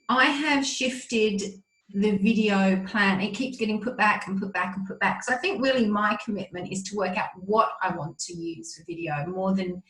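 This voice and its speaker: A woman's voice: fairly high pitch, fairly bright tone, reverberant, low-quality recording. A woman attending an online meetup over a video call, talking hesitantly and thinking aloud.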